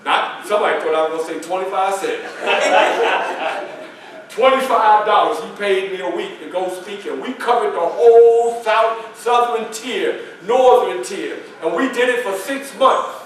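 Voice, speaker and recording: At a library event, a man gives a first-person historical portrayal, telling his story in a folksy, conversational manner. His voice sits high, fairly bright and a little slow, with a touch of hiss or hum. The room is echoey and the mic is far away.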